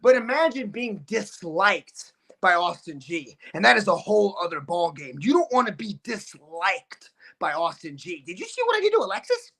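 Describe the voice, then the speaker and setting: Brash, gravelly, boasting wrestling champion man. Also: high voice, sing-song, fairly bright tone. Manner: boastful, brash, swings between fast and slow delivery. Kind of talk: trash-talking wrestling promo.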